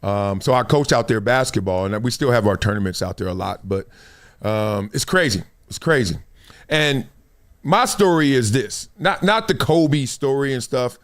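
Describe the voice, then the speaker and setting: A man's voice: medium pitch, animated, normal speed. A middle-aged man with a Los Angeles accent hosting a live show, telling a casual story and acting out the scenes and quotes. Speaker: show host.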